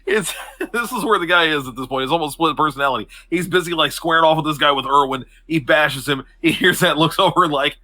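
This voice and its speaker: Chatty man with a bright voice. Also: a little high, fast talker, no room sound. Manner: laughing, loose and chatty. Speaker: player. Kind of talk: tabletop game play.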